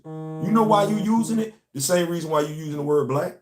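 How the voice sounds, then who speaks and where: Over music, a young American man hosts a passionate, preachy monologue in a fairly high voice at a brisk clip. He stresses and repeats his core lines, and the space sounds echoey.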